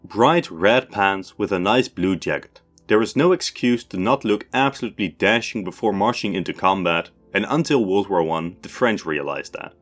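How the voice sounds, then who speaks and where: A young man with a Dutch accent hosts a history Q&A, reading each question and then answering in a measured, scripted delivery. His voice sits on the lower side, and faint music plays beneath him. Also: expressive, fairly bright tone. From Netherlands. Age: 20s. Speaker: history channel host. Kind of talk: scripted Q&A narration.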